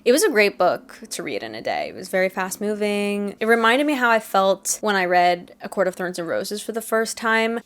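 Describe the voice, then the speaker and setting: Chatty young woman talking books. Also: medium pitch. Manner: chatty and self-deprecating, many "like" fillers. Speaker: book vlogger. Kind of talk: casual chat. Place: apartment at home.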